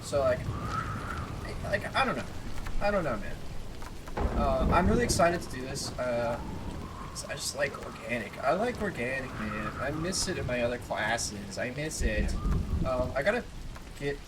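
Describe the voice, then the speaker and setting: A man's voice: mid-range voice, very animated, normal speed, very noisy. A young man in his twenties, a college student vlogging in casual chat, rambling with lots of fillers and frequent swearing. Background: music.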